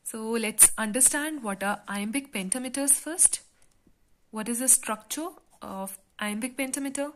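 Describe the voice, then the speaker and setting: A woman teaching a literature class, explaining step by step in a patient lecture style with frequent pauses and fillers. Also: fairly high pitch, a little hiss or hum.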